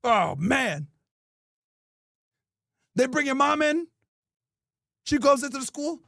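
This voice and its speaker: A man's voice: very high voice, very animated, takes it slowly, vocal fry, pauses often, bright, forceful tone, no room sound, clean studio sound. A male host doing an improvised comedy roast, crude and mocking, hurling insults.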